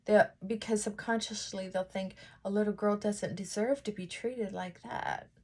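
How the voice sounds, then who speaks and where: A woman vlogger chatting casually while getting ready, talking things through in a thoughtful, unhurried way with frequent pauses and fillers. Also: mid-range voice, fairly even intonation, a little mellow. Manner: unhurried, reflective, thinking aloud.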